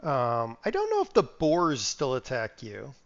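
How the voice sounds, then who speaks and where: A man's voice: mid-range voice, huge pitch swings, a little slow, muffled recording. A man casually commenting on a live game stream. He mutters to himself while playing, breaks into sudden exclamations and sniffles now and then.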